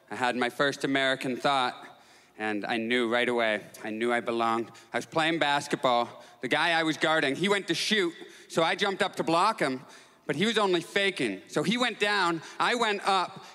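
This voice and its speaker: A man performing a stand-up comedy set, telling neurotic, self-mocking stories and jumping into high excited outbursts. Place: stage in a comedy club with audience. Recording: live club recording with long reverb, faint crowd.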